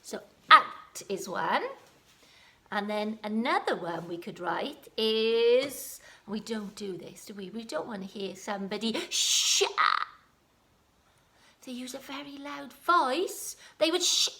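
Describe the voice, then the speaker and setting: A slightly high, sharp-toned voice with lively intonation belongs to a Welsh primary school teacher. She's running a phonics lesson for home learners, sounding out letters slowly and with encouragement.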